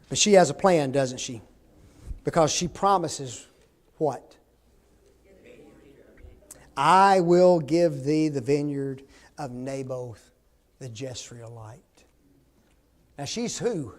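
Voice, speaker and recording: A man leads a Bible class in a high-pitched voice. He is animated and jokey, and keeps quizzing his listeners with questions. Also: slow, long pauses.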